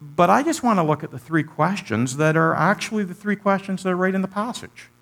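Animated preacher, man. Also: fairly quick, creaky. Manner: animated, rhetorical questions to the congregation, big pitch swings. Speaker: pastor. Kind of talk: sermon.

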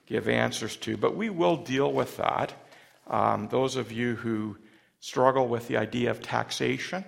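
A man preaching a sermon in a halting way, often repeating words as he starts a phrase. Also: mid-range voice, gravelly, fairly bright tone. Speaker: pastor.

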